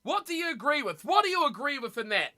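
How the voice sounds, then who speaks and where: A woman's voice: high-pitched, sing-song, fast, bright, forceful tone. A woman streamer chatting casually with her live chat, blunt and opinionated, often losing her train of thought.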